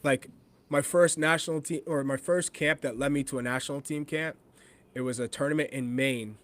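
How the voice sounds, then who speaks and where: A man from New Hampshire who is a former pro soccer forward, talking as a podcast guest in a casual, animated way and quoting himself as he tells stories. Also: medium pitch, moderate pace. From New Hampshire, USA. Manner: animated storyteller, laughs often, quotes himself. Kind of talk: casual podcast chat, storytelling.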